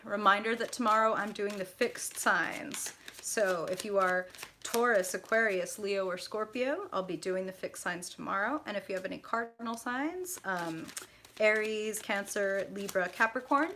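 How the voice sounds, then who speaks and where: A woman's voice: medium pitch, pushed and bright, a little hiss or hum. A woman hosting a live tarot reading, effusive and profane, chatting directly to her viewers.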